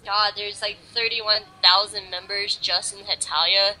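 A woman's voice: mid-range voice, level tone, pushed and bright, soft background music, low-quality recording. A young woman chatting casually and eagerly as a podcast co-host, filling her talk with "like". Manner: fast enthusiastic fan talk, many "like"s. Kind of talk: casual chat.

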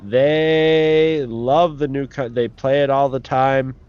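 A man's voice: medium pitch, slow pace, smooth. A man in casual podcast chat, telling stories with many restarts and bits of acted-out dialogue. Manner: rambling, many restarts, animated retelling. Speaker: podcast co-host. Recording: dull lo-fi sound.

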